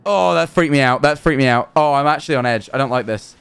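A man's voice: medium pitch, quick pace, a bit bright, smooth. A young man streaming a horror game, nervous and jumpy, swearing and talking to himself as he plays. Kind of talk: live gameplay commentary.

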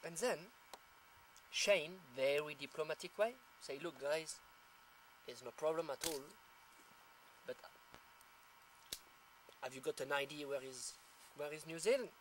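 A man's voice: fairly high pitch, measured pace, long pauses, a bit bright, slight background noise. A man from France with a French accent tells a casual anecdote in English, laughing often and acting out the people he quotes. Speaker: storyteller.

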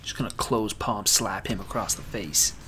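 A man's voice: fairly low pitch, fairly even intonation, normal speed, pushed and bright, a little hiss or hum. A man giving casual, joking commentary while he plays a video game. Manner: laid-back, joking. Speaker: gamer. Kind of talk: casual let's-play commentary.

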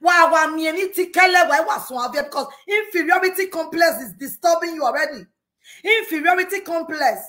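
A woman's voice: very high voice, brisk, sharp tone. A woman with a Nigerian accent ranting heatedly in pidgin, scolding unnamed critics. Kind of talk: ranting monologue.

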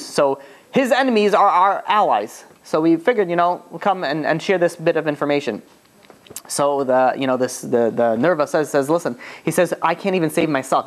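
A man, a rabbi, telling a story in a loose, conversational lecture and acting out the characters' lines. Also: fairly high pitch. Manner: lively retelling that acts out the characters' quoted lines; loose and conversational, often saying "you know".

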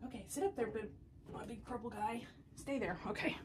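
A woman hosting a casual unboxing vlog at home, gushing and excitable as she talks to her viewers. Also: fairly high pitch, brisk. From United States. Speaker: doll collecting channel host.

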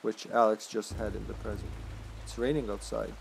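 A man's voice: on the low side, flat delivery, normal speed, gravelly, a little hiss or hum. A man with a Serbian accent, a native Serbian speaker, chatting casually and laughing often as he livestreams a game. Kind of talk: casual gameplay commentary.

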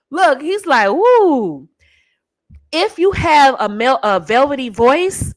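A woman's voice: high-pitched, no echo. An American woman giving casual, teasing dating advice straight to the camera, often slipping into playful demonstration voices. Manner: animated, teasing, breaks into soft sultry demo voices and laughs. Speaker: dating coach.

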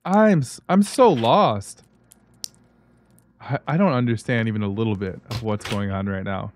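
A man's voice: fairly low pitch, normal speed. A man giving let's-play commentary on a horror game, talking to himself and breaking into startled yelps and gasps. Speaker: gaming YouTuber. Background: game music.

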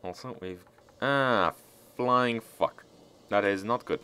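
A man's voice: lowish voice, unhurried, pushed and bright, slight background noise. A man giving casual, profane gameplay commentary as a let's-player, talking back at the game as he plays.

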